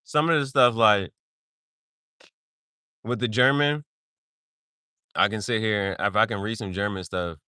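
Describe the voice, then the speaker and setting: A man's voice: on the low side, unhurried, pauses often, sharp tone, smooth, no echo, studio quality. A man hosting a podcast in casual chat, playful and laughing often as he jokingly sounds out foreign words. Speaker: podcast host.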